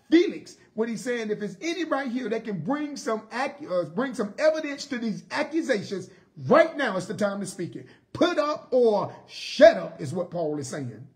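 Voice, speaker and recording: Bible study preacher, lively rising and falling delivery, emphatic repetition, mid pitch. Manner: emphatic, with rhetorical questions and repetition.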